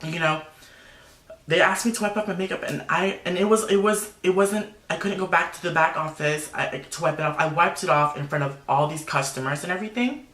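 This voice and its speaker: Bright, animated young man in an echoey room. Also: a little high, a little fast. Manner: animated, emotional storytelling with many fillers. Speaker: makeup artist and YouTuber. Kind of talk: casual storytelling vlog. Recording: roomy echo.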